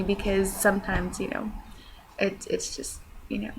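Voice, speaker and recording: A woman's voice: medium pitch, level tone, normal speed, pushed and bright, a little hiss or hum, rough recording. A young woman chatting casually in a vlog, rambling with lots of fillers and poking fun at herself. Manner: self-deprecating. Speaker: vlogger. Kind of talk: casual chat.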